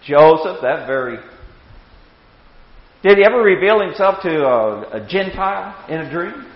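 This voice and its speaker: A man in his sixties teaching a Bible class with anecdotes, animated, chuckling and repeating words as he starts sentences. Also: on the high side, a little slow. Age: 60s. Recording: echoey hall, dull lo-fi sound.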